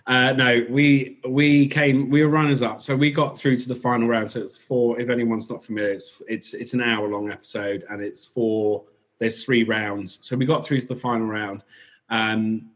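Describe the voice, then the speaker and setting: A man's voice: mid-range voice, little pitch movement, moderate pace. A man from England, a bakery owner being interviewed, talking casually in a rambling way with many fillers and restarts. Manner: rambling, filler-heavy, self-correcting.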